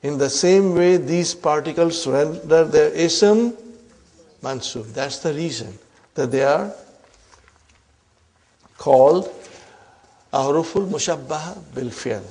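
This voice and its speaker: A man teaching Arabic grammar in a slow, drawn-out lecture, often checking in with his class. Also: fairly high pitch, a little mellow.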